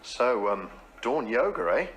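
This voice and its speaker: An actor playing a well-meaning, awkward middle-aged husband with a posh English accent, polite and gently teasing. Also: male voice, medium pitch, sing-song, a little slow. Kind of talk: sitcom acting.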